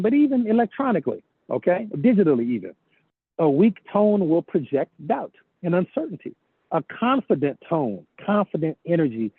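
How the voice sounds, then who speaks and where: A man's voice: on the high side, husky, no room sound. Preachy man on a tinny phone line. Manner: preachy, repeats phrases for emphasis. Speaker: network marketing team leader. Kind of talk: motivational leadership training call. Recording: phone-line call audio, dry.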